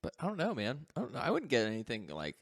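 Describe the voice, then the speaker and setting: A man co-hosting a podcast in casual chat, laughing often, swearing freely and acting out quoted lines with sudden jumps up in pitch. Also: huge pitch swings, quick pace, creaky, no room sound, studio quality. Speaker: podcast co-host.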